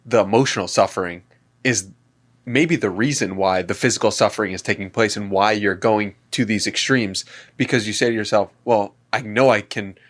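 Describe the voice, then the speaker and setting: A man's voice: lowish voice, fairly quick, fairly bright tone. A man hosting a podcast, asking reflective questions and offering thoughtful remarks. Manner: thoughtful, drawn to philosophy. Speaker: podcast host.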